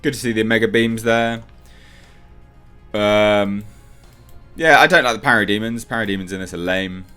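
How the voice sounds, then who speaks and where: A man talks through a trailer in loose, offhand commentary, his voice sitting on the low side. He rambles and gives blunt opinions, stopping often to think. Faint music from the trailer plays underneath. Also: moderate pace, bright, forceful tone. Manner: rambling, opinionated, thinks aloud with frequent ums. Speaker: movie trailer reviewer. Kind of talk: casual reaction commentary.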